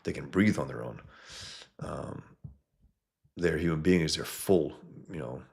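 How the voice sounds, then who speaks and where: A man's voice: extremely low pitch, a little slow, gravelly, a little mellow. A man hosting a casual livestream, reading chat comments and rambling bluntly, often trailing off mid-sentence.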